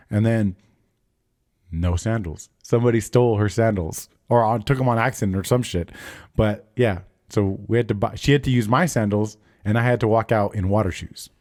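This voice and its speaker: A man's voice: fairly low pitch, a little mellow. A man in his thirties hosting a podcast, telling stories in loose, profane casual chat and laughing often. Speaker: podcast host.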